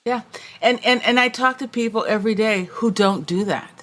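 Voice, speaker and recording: A woman executive coach appearing as a podcast guest, telling lively anecdotes and acting out the voices of people she met. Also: a little high, normal speed. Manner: storytelling, acts out quoted voices, warm and animated. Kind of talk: conversational interview.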